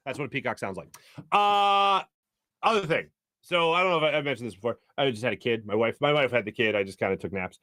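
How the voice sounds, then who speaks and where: A man's voice: mid-range voice, fast talker, no echo. A man in his thirties with a Philadelphia accent, hosting a sports talk show and telling rambling stories full of restarts. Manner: rambling storyteller, energetic, many restarts. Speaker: sports radio host. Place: radio studio. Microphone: studio microphone.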